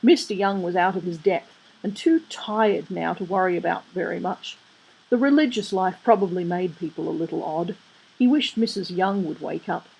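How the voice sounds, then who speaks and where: A woman's voice: lowish voice, expressive, moderate pace, gravelly, a little mellow, slightly rough, rough recording. A woman reading a comic novel aloud in a dry, wry manner. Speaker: audiobook reader. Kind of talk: storybook narration.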